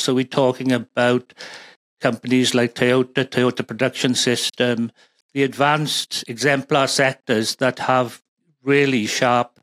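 A man's voice: mid-range voice, fairly bright tone, dry recording. A man with a Welsh accent, a guest speaking as a supply chain expert, rambling with many fillers and restarts. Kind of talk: conversational interview.

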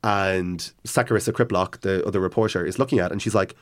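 A man with a fairly low voice talks through a favourite novel in a relaxed chat. He gets carried away, circling back and restarting his sentences as he goes. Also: fast talker. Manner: enthusiastic, rambling retelling with many restarts. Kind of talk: casual chat about books.

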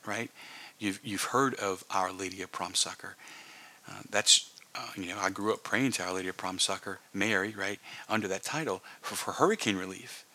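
A male pastor preaching earnestly in a conversational way, dropping into hushed whispers for emphasis. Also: on the low side. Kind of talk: sermon.

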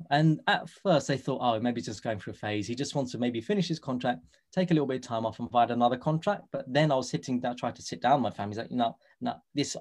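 A man in his thirties with a London accent speaks as a podcast guest. He tells his story earnestly, slipping into the voices of the people he quotes. His voice sits at an ordinary middle pitch. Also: a little mellow. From England. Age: 30s. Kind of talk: casual podcast interview.

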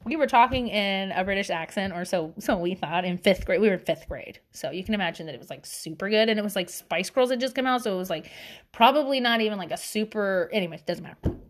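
Chatty Southern woman, lively pitch. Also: quick pace. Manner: chatty and rambling, laughs often, lots of filler words. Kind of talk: casual storytelling chat.

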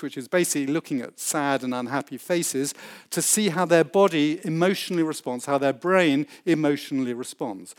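A man with a fairly high voice lectures on science to a live audience. He explains with open enthusiasm and slips into little acted voices when he tells an example. His delivery is lively and easy to follow. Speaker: researcher giving a talk.

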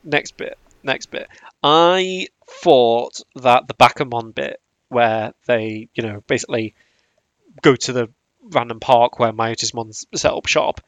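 A man's voice: medium pitch, unhurried, fairly bright tone, no room sound. Laughing man rambling on a podcast. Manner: laughs often, rambling with restarts. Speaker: podcast host. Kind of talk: casual podcast chat.

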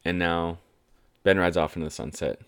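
A man in his twenties delivers a casual sports talk monologue, rambling chattily and enthusiastically as a football fan and commentator. His low, smooth, fairly bright voice keeps a moderate pace and fairly even intonation, recorded in a clean studio with no room sound.

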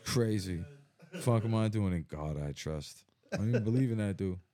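A man's voice: on the low side, lively intonation, moderate pace, dark tone. A young man chatting casually as a podcast co-host, rambling, swearing and laughing often. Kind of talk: casual chat.

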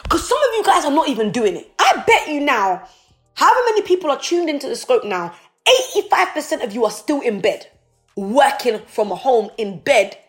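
A woman's voice: a little high, very animated, normal speed, faint music behind. Passionate woman giving a motivational talk. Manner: passionate, preachy, pleading. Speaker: motivational speaker. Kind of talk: live-streamed motivational talk. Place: indoors, streaming.

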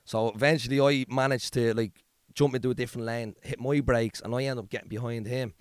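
A hoarse Irish man, a podcast co-host, telling crude, swearing stories in casual chat. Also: mid-range voice, fairly even intonation, a little fast, no room sound. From Ireland.

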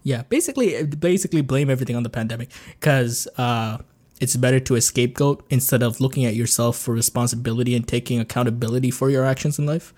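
A man's voice: medium pitch, fast talker, darkish tone. A man co-hosting a podcast, chatting casually and laughing often as he spins mock arguments. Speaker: podcast co-host. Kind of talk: casual joking chat.

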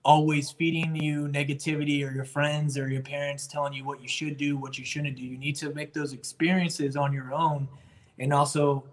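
A young man from North Carolina speaks as a podcast guest, earnest and measured, with a voice a bit higher than most men's. His sentences often trail off quietly. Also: level tone. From Jacksonville, North Carolina. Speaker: Marine sergeant, guest. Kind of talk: interview answers.

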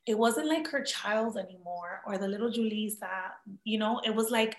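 A woman's voice: medium pitch, moderate pace, hardly any pauses. A woman in her thirties, an actress, talking earnestly as an interview guest and slipping in Spanish words. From Dominican family in the United States. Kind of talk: emotional personal interview talk. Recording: echoey room.

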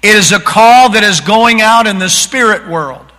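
A man preaching a sermon to a congregation, slowing down and building to dramatic shouts. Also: high-pitched, long reverb tail. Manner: dramatic, slows and rises to shouting. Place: church sanctuary.

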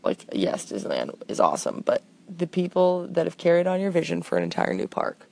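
A woman's voice: on the low side, huge pitch swings, brisk, vocal fry, warm tone. A young woman hosting a show, rambling through a comic voicemail in a chatty, self-deprecating way. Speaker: podcast host.

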